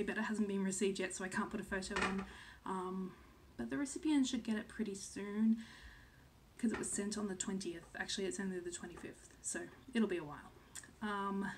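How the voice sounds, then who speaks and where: A woman's voice: mid-range voice, slight background noise. A woman in her thirties from Australia chatting casually to camera as a cross-stitch vlogger, full of "um"s and second-guessing herself. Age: 30s.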